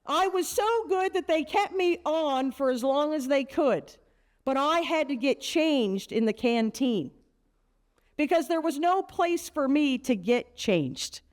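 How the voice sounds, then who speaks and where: A high-pitched woman around fifty, speaking as a motivational keynote to a room of teenage girls. She is brash and joking and tells punchy stories, with plenty of energy behind every line. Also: lively intonation, takes it slowly.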